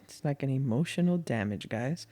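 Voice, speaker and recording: A woman co-hosting a podcast, chatting casually and acting out quotes in animated, playful storytelling. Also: a bass voice, normal speed. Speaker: podcast co-host. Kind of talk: casual chat.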